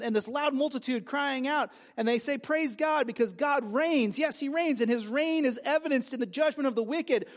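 A man pastor preaching a sermon, emphatic, lifting his voice loudly when he reads out scripture, with frequent restarts. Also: extremely high pitch. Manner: emphatic preaching with rising, loud quoted lines and frequent restarts.

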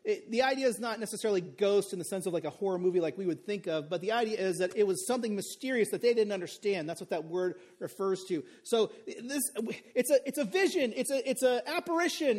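A man with a high-pitched voice preaches in a loose, conversational way. He talks through the passage casually and keeps tossing "okay?" and "right?" to the listeners. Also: animated, brisk, hardly any pauses, a little mellow. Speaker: pastor. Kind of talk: sermon.

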